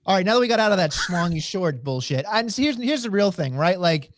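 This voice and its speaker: A man's voice: high voice, big pitch swings, brisk, dry recording. A man co-hosting a casual wrestling podcast, rambling with stammering restarts and swearing. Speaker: podcast co-host.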